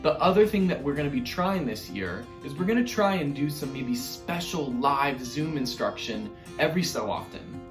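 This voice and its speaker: A man's voice: mid-range voice, expressive, moderate pace, hardly any pauses, echoey room. A man teaching an online music lesson to children in a playful, encouraging way.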